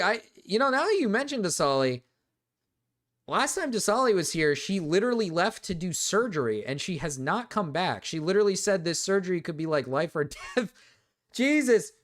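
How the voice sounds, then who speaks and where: A man talking to his livestream chat in a loose, casual way. His pitch swings widely and lively as he goes, and he curses freely and keeps circling back to the same phrases. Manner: animated, repeats himself, swears freely. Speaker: streamer reacting to chat.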